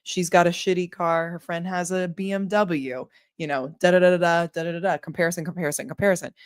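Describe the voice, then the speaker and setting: Young woman, casual chat, slightly low voice, animated storytelling. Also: quick pace, clean tone. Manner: animated storyteller, acts out quotes. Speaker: co-host.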